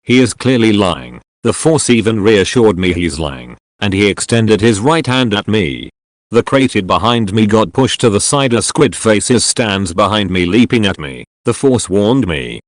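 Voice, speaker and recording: Lively low-voiced male audiobook narrator. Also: unhurried, no room sound. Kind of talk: first-person audiobook narration.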